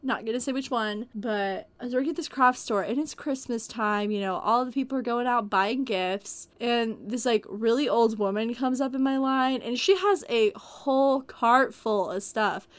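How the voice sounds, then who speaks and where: A woman's voice: on the high side, moderate pace, hardly any pauses, dry recording. A woman telling work stories in a casual chat, rambling, with lots of "like" and "dude". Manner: rambling storyteller, heavy on like and dude.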